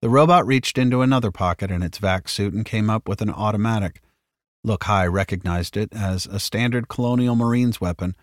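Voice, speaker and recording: A man narrating a science fiction audiobook in a steady, measured way. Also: lowish voice, no echo, studio quality.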